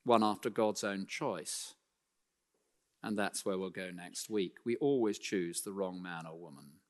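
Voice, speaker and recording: The sermon is emphatic and measured, with the man building in pitch and force to stress key ideas and then dropping to a hushed, low tone. Dry self-deprecating remarks punctuate it, all carried on a long reverb tail.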